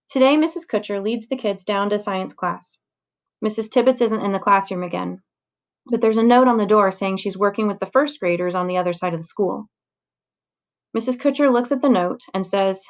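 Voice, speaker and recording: A woman reading a children's chapter book aloud in a clear, steady storytelling voice. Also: mid-range voice, normal speed. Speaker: reader.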